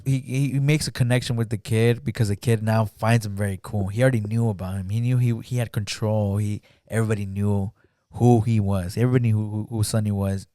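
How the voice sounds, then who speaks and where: In a casual podcast chat, a guest with a warm, fairly low voice walks through a movie plot. He rambles with lots of "like" and acts out what the characters say, and the sound is clean studio audio without echo.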